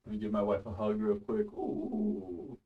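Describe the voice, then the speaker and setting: Relaxed low-voiced man, slightly off-mic. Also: fast, slightly rough, recorded from a distance, narrow, tinny audio. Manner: chatty and loose, with laughs and restarts. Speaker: streamer teaching a networking course. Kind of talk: casual study stream talk. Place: his home.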